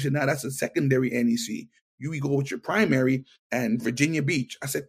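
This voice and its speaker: A man's voice: mid-range voice, quick pace, few pauses, breathy edge. A middle-aged man in an interview, telling his testimony and acting out the lines of the people in it. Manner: animated storyteller, acts out dialogue. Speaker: interview guest.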